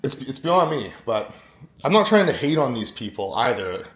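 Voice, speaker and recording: A man's voice: mid-range voice, sing-song, normal speed, fairly bright tone, reverberant. A young man talking casually in a fitness vlog, rambling and acting out what other people said. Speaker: fitness vlogger. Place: kitchen at home, then a gym.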